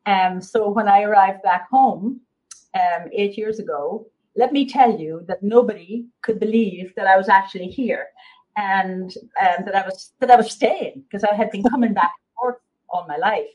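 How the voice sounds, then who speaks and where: A woman's voice: medium pitch, normal speed, darkish tone, highs cut off. Chatty Irish woman telling her story. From Ireland. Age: middle-aged. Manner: chatty storyteller, many fillers and restarts. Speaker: guest therapist. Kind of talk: casual interview chat.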